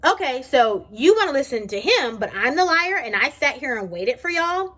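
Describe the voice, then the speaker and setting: A young woman, casually vlogging and telling a story in a chatty, animated way from her kitchen. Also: high voice, moderate pace. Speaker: beauty vlogger. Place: home kitchen.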